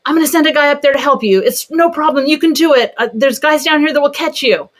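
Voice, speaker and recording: A woman's voice: high-pitched, fast talker, a bit bright, pitched above the performer's own voice. Woman doing an eager little boy. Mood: reassuring. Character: eager young boy reassuring in play.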